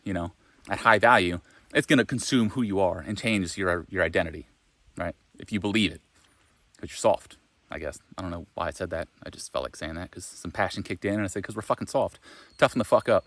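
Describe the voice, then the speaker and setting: A man talks straight to the camera in a casual self-help monologue. His voice sits on the low side and the sound is dry and close. He rambles, speaks frankly and swears freely. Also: brisk, a bit bright, no echo.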